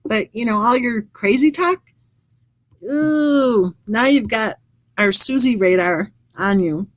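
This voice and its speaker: A woman hosts a true crime channel, reading viewers' live chat comments aloud in a casual way. Her voice sits a bit high and sounds dry and close, with no room echo. She drops wry, chatty remarks between the comments. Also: slow.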